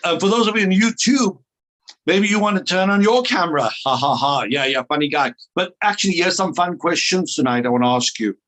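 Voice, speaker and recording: A man's voice: sits high, animated, fairly quick, a bit bright. A South African man leading an online training call, greeting attendees with playful, upbeat banter over a video call.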